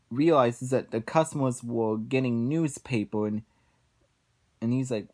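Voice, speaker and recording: A man reviews cartoon episodes in a casual, rambling rant. He speaks slowly and sighs heavily between points. His sentences often stall and restart as his exasperation builds. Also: mid-range voice, darkish tone.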